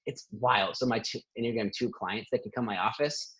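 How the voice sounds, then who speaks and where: A man working as a therapist, talking in a lively conversational interview and laughing often between thoughts. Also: fairly low pitch, brisk, slightly rough, poor audio.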